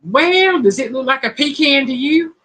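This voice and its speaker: A woman's voice: high voice, animated, normal speed, fairly bright tone, slightly rough, poor audio. A middle-aged woman, hosting a casual live-stream chat and reading quiz questions in a folksy, playful way. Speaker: host of a cooking channel's live chat.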